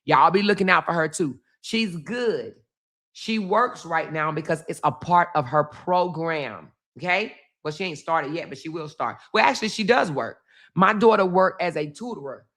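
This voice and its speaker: A woman's voice: fairly low pitch, lively intonation, measured pace, fairly bright tone. A middle-aged woman, telling a family story to her viewers in a casual, emphatic way, repeating phrases. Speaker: vlog host.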